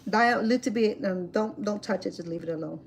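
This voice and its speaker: A woman chatting casually while cooking at a home grill outdoors, telling stories in an animated way with many fillers. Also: medium pitch, fast talker, background noise. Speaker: cooking vlogger.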